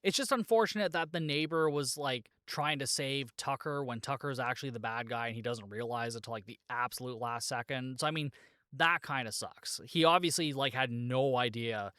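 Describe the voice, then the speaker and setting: A man's voice: mid-range voice, normal speed, pushed and bright, clean tone, no echo, clean studio sound. A man hosting a podcast, casually retelling a movie plot with lots of fillers and joking asides. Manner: rambling, filler-heavy retelling with frequent "like"; jokey, laughs at his own asides. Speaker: podcast host.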